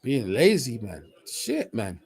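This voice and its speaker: A man's voice: medium pitch, slow pace. A man giving casual, slang-heavy live commentary on a boxing match as a stream host. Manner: slangy, chatty, rising to excited shouts on big punches.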